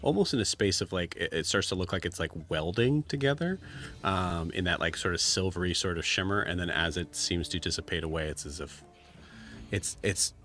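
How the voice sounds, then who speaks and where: A man's voice: sits low, lively intonation, fairly quick, a bit bright, soft background music. A man as game master, narrating a tabletop game in a rambling way full of fillers.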